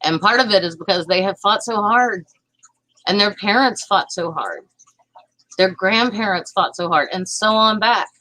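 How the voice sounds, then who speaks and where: Southern woman, livestream host, fast heated talk, dry close mic. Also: mid-range voice, bright, forceful tone, no echo, rough recording. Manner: fast, heated, talks to chat viewers. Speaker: livestream host reading chat. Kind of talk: casual political livestream chat.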